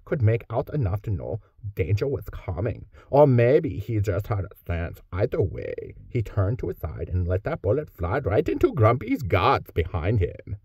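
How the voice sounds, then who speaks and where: A man's voice: fairly low pitch, huge pitch swings, normal speed, hardly any pauses, darkish tone, husky, no echo, clean studio sound, heavily acted. A man voicing a male storybook narrator who tells a Viking adventure in a put-on Scandinavian accent, with a theatrical, sing-song read-aloud manner. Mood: dramatic.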